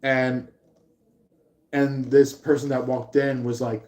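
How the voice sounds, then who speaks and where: A man giving a live tarot reading, rambling and halting with many fillers. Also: medium pitch, level tone, darkish tone. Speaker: tarot reader. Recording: roomy echo.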